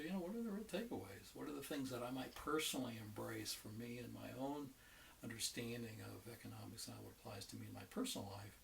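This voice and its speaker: A man's voice: medium pitch, gravelly, a bit bright, distant mic, slight background noise. A man who is an economics professor, giving an informal, folksy online lecture with many fillers and restarts. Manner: chatty and folksy, tells jokes with acted quotes.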